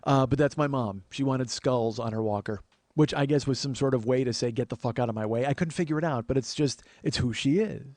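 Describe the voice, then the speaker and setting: Forties male comic host, wry and profane, rambling storyteller, mid-pitched voice, dry close recording. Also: fairly quick, darkish tone, no echo. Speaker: comedian host. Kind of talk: comedic storytelling monologue.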